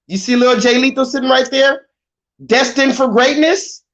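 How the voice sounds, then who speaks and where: Animated man ranting on a livestream. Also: very high voice, normal speed. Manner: loud, animated, talks over himself with restarts. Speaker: livestream host. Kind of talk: casual livestream rant. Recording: slightly dull lo-fi stream audio.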